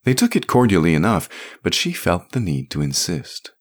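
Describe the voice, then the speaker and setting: A man narrating a story podcast in an expressive, measured way. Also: low voice, slightly rough.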